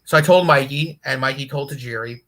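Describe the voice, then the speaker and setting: Bright-voiced man telling a wild story. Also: mid-range voice, a little fast. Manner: profane, animated, laughs while telling. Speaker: guest wrestler. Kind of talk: casual storytelling.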